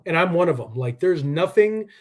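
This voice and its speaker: A man hosts a live true-crime stream with a voice pitched a bit higher than most men's, speaking at a moderate pace. He's animated, rambling and combative, leaning heavily on "like" and restarting often.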